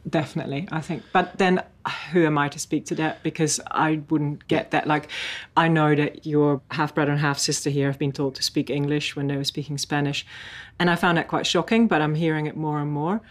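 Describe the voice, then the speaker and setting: A middle-aged woman, a mother and immigrant, speaking frankly and in a measured, wry way. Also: deep voice, steady tone. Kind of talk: candid family conversation.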